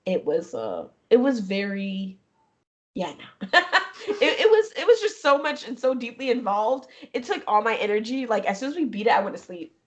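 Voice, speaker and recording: A young adult woman, a gaming streamer, talking casually and expressively in an interview, often laughing and lively. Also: medium pitch. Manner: animated and expressive, jumps into quoted voices, laughs often.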